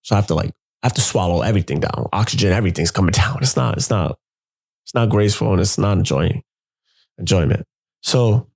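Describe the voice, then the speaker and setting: A young man telling a personal story in a casual, animated way, jumping into his friends' voices when he quotes them. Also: sits low, fast talker, vocal fry, slightly rough.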